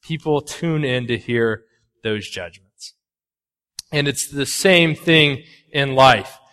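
Animated pastor in an echoey church. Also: male voice, takes it slowly, clear, resonant tone. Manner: animated, conversational, swings between loud punchy asides and quiet earnest lows. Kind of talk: sermon. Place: church sanctuary.

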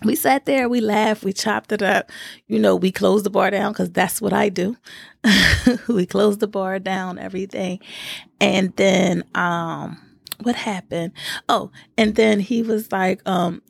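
Gravelly-voiced woman telling a slangy story. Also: unhurried, no room sound, studio quality. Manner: lively slangy storytelling with big pitch jumps when quoting. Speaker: vlogger. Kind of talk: casual storytime chat.

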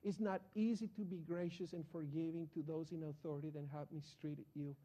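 Brief: man, sermon with personal storytelling, high voice, lively and excitable. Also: a little fast. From Colombia. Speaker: preacher.

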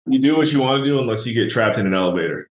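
A man's voice: medium pitch, lively intonation, very fast, echoey room. A man hosting a casual interview in a friendly manner, laughing easily. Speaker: podcast host.

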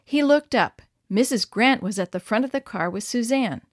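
A woman narrating a story in a clear, expressive read-aloud manner. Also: fairly high pitch, normal speed, no echo, clean studio sound. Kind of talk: scripted narration.

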